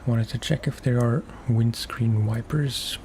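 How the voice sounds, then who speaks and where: A man streaming a game for relaxation, talking softly in unhurried, musing asides. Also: mid-range voice, fairly even intonation, slight background noise. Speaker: gaming ASMR streamer. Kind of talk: soft-spoken gameplay commentary.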